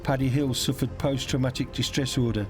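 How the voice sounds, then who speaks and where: A man giving scripted documentary narration in a measured, even manner. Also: mid-range voice. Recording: narration over clear background music.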